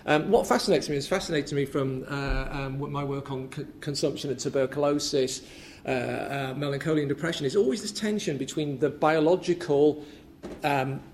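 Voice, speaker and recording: Halting male academic lecturer. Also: a little high, darkish tone, slight background noise. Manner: hesitant, many fillers and restarts. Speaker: academic speaker. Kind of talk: conference paper talk. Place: lecture room at a symposium.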